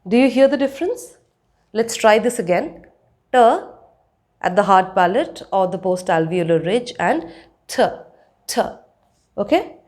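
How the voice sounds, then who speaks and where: A woman's voice: medium pitch, lively intonation, moderate pace, darkish tone. A woman teaching a spoken lesson, demonstrating sounds and checking in with her listeners. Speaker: accent coach.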